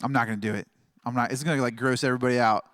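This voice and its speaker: A man's voice: mid-range voice, fairly even intonation, rapid-fire, fairly bright tone, no echo, clean studio sound. A man in his thirties giving a casual, rambling sermon as a pastor, joking and laughing often.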